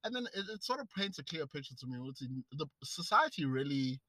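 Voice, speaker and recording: Young south african guy, bright fairly high voice, quick chat, dry mic. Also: big pitch swings, no room sound, rough recording. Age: young adult. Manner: quick, laughing, acts out quotes. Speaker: podcast co-host. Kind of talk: casual chat.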